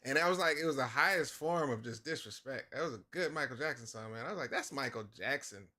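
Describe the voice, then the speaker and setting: A middle-aged man with a mid-range voice talks fast while hosting a live stream where he draws a comic. He chats casually as he works, telling stories in an animated way and acting out his own outbursts.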